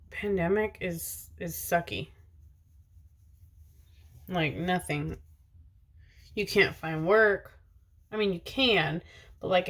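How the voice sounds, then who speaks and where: A woman's voice: mid-range voice, a bit bright. A woman in her thirties, a mother of two, chatting casually to camera in a rambling way with lots of fillers and restarts. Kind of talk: casual personal vlog chat. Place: in a car, driver's seat.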